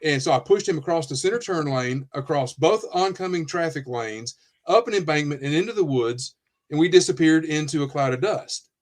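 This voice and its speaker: A man's voice: fairly high pitch, fairly quick. Man telling a police story. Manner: animated storyteller, acts out quotes, frequent restarts. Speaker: retired police officer, podcast guest. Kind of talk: casual storytelling in a podcast interview.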